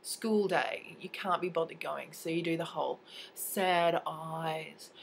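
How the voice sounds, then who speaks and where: A woman's voice: sits low, fairly even intonation, slow pace, vocal fry, a little hiss or hum, poor audio. A young Australian woman with a cold, telling a story in an indignant, swearing casual rant to camera. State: has a cold.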